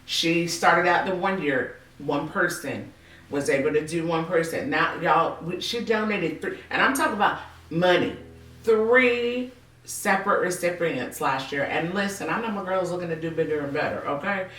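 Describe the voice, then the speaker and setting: A woman hosting a casual faith-based interview, animated and playful, acting out quotes with big jumps in her voice. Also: fairly low pitch, moderate pace, echoey room, far from the mic, low-quality recording. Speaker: podcast host.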